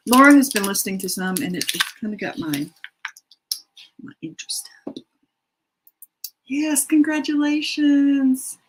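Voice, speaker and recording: A woman's voice: medium pitch, expressive, brisk, pauses often, a bit bright, a little hiss or hum, low-quality recording. A middle-aged woman hosting a writing sprint stream from her home, chatting casually and rambling with self-deprecating asides. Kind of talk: casual livestream chat, reading out comments. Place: home room.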